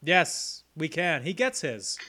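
Bright, lively-voiced man recapping a movie. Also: a little high, slow. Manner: animated, joking, reading a plot summary aloud. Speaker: podcast host. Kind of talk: casual podcast chat recapping a movie.

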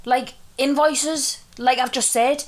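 A woman co-hosting a casual podcast, teasing her friend as she tells a story. Her voice sits a little high, and she swears and laughs freely. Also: fairly even intonation, takes it slowly. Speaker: podcast co-host. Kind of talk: casual chat.

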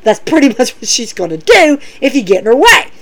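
A woman with a high voice that swoops up and down, recapping wrestling shows. She talks in an excitable, animated way and retells the quoted lines as she goes. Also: brisk, noisy background. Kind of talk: casual recap commentary.

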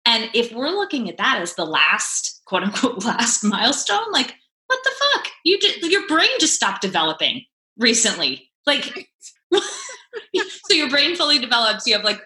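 A woman who works as a sex therapist, guesting in a casual chat, expressive and candid, swearing and laughing. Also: on the high side, moderate pace, roomy sound.

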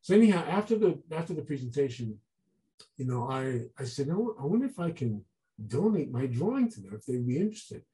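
A man telling a long story as an interview guest, animated and acting out the voices of people he quotes. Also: mid-range voice, brisk, rough recording. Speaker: guest artist. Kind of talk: casual storytelling.

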